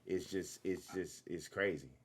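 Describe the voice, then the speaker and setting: Low-voiced guy hosting a boxing chat, laid back, keeps saying yeah. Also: a little slow, husky. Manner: relaxed, agreeable, chimes in with yeahs. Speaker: interviewer, channel host. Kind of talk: casual interview chat.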